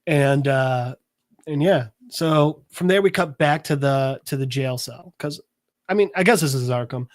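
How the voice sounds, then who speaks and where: A man's voice: mid-range voice, unhurried, no echo, clean studio sound. A man hosting a podcast, recapping a comic book in a rambling, casual way. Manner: rambling, filler-heavy storytelling. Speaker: podcast host.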